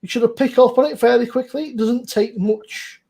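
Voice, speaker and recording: A man's voice: very high-pitched, steady tone, moderate pace, vocal fry, mellow. A young man with a Bristol accent hosting a casual chat over beers, rambling, laid-back and swearing freely. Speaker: podcast host.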